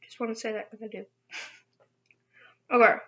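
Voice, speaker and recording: A woman's voice: fairly high pitch, flat delivery, moderate pace, a bit bright. A young woman chatting casually in an eating vlog, rambling and giggling at herself, with a dull lo-fi recording. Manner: giggly, rambling, self-teasing. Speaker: vlogger. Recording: dull lo-fi sound.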